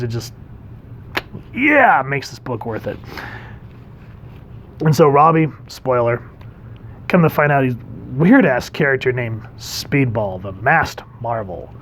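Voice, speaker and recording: A man casually reviewing a comic book, animated and acting out the characters' lines in quick voices. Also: medium pitch, a little hiss or hum.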